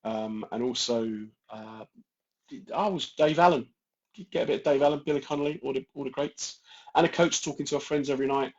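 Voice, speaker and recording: London man, live-stream host, blunt and jokey, mid pitch, muffled lo-fi sound. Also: a little fast. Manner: straight-talking, jokey, addresses viewers by name. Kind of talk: casual live-stream chat reading viewer comments.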